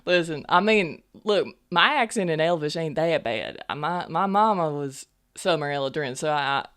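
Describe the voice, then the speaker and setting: A woman's voice: sits low, expressive, normal speed, fairly bright tone, smooth. A woman playing a young half-elf army medic in a tabletop role-play, talking in a folksy drawl full of "y'all" and "ain't". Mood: sassy.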